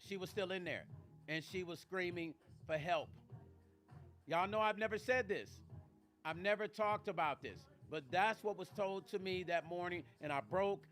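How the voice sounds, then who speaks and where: A middle-aged man hosts his own live stream, close to tears and speaking emphatically straight to his viewers, swearing along the way. His voice is high and a bit bright at a moderate pace, with faint music in the background.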